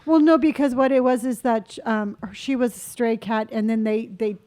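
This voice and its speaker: A middle-aged woman chats casually as a podcast co-host, her voice sitting a touch high but soft and mellow in tone. She talks in an encouraging, rambling way, full of fillers. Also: fairly even intonation, normal speed.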